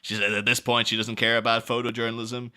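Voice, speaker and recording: A man co-hosting a casual film podcast, chatty and quick to laugh. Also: medium pitch, level tone, pushed and bright, smooth. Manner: chatty, laughs often, puts on voices for quotes. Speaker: podcast co-host.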